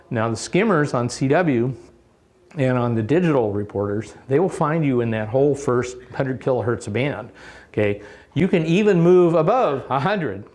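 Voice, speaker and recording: A man's voice: mid-range voice, darkish tone. A middle-aged man giving a conference presentation, coaching listeners with emphatic advice and frequent "okay?" check-ins. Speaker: presenter at a radio contesting workshop.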